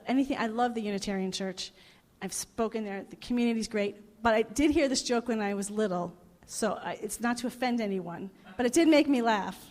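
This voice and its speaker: A woman minister giving a reflective sermon, laughing at her own jokes as she tells them. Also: a little high. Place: parish hall. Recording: long reverb of a parish hall.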